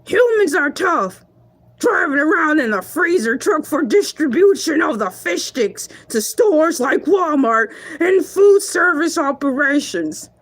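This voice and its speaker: A woman's voice: high voice, very animated, a little slow. A woman voicing a brash, self-proud male shark who hosts a live comedy show, talking in quavering, mock-outraged rants broken up by laughter. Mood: wry. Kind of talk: live-stream comedy monologue.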